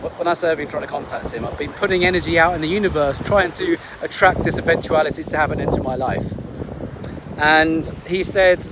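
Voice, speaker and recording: An upbeat English health coach with a fairly high voice talks a little fast in a casual vlog, restarting sentences as he goes. Ocean waves and wind roar clearly behind him on the beach.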